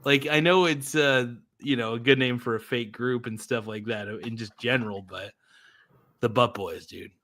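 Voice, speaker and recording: A man's voice: medium pitch, moderate pace, a bit bright. Chill guy on a podcast, swears a bunch, says dude all the time. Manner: laid-back, swears a lot, says dude. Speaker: podcast host. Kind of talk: casual chat.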